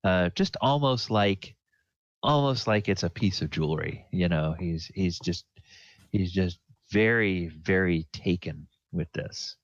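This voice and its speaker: A man narrating a tabletop game as dungeon master, halting with many fillers. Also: sits low, no room sound. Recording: dull dry lo-fi recording.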